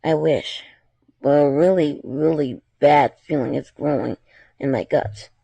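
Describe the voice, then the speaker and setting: A man reads a fan-fiction story aloud in a gravelly voice, pitched somewhat high for a man. The sound is dry and close, with no room around it. He breaks off now and then for chatty, apologetic asides. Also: a little slow, warm tone, no echo, lo-fi sound. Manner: chatty, apologetic asides between dramatic reading.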